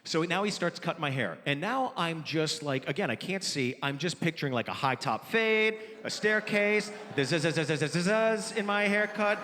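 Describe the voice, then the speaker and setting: A man's voice: on the high side, lively intonation, normal speed, few pauses, sharp tone, big-room sound. A man doing a stand-up comedy set on stage, telling stories and acting out both sides of the dialogue. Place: theater stage before a live audience. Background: audience laughter.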